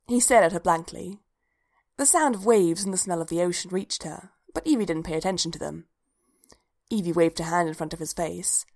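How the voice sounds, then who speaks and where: Lady reading fanfic out loud, low-ish voice, lots of vocal fry, easy steady pace. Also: a little fast. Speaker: reader. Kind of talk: fan fiction reading.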